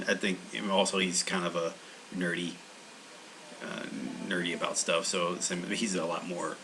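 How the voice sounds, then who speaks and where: A man's voice: sits low, level tone, a little slow, noisy background. A man hosting a language-learning channel, talking in a meandering, casual monologue full of restarts.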